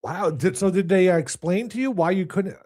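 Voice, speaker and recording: A man's voice: high voice, fairly quick, a little mellow. A man co-hosting a podcast, listening easily and answering with short reactions in casual chat. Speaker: podcast co-host.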